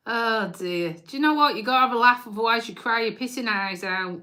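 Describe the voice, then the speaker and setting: A woman's voice: on the high side, bright, forceful tone. A woman hosting a casual live stream, chatting and joking with viewers, swearing freely and teasing them. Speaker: livestream host.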